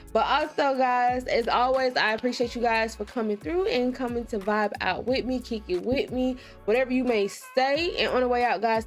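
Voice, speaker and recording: Chatty woman reaction vlogger. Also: a little high. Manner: relaxed, chatty, addresses viewers as y'all. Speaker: reaction video host. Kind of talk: casual chat to viewers.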